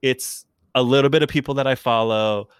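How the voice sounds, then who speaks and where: A man's voice: mid-range voice, a little fast, clear, resonant tone, no echo, clean studio sound. A young man from New York, a comedic video creator, chatting as a guest in an interview, full of fillers and laughter. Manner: chatty and animated, many "like" fillers and restarts, laughs often. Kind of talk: casual interview chat.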